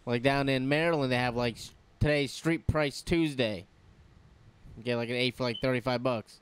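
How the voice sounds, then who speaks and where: A man's voice: medium pitch, normal speed, a little hiss or hum. A man telling stories casually in an easygoing way, laughing as he talks. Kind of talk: casual storytelling.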